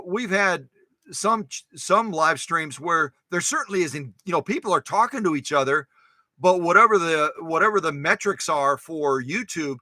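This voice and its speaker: Animated, bright-voiced Midwestern man. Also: on the high side, no echo. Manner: animated, exclaiming and joking with viewers. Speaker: host of a sewing machine live stream. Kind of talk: casual live stream chat.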